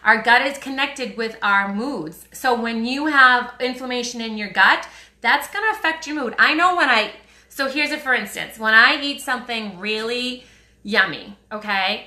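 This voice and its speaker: A woman's voice: fairly high pitch, pushed and bright. A woman with a Boston accent hosting a chatty, upbeat live stream, answering viewer comments with frequent ums. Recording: roomy echo.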